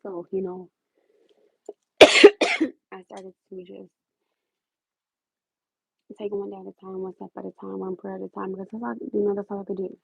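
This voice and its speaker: A young woman with a husky voice, chatty and heartfelt, telling personal stories on a casual livestream, laughing loudly at times. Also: mid-range voice, steady tone, moderate pace, pauses often, no echo. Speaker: livestream host. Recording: thin phone-like audio.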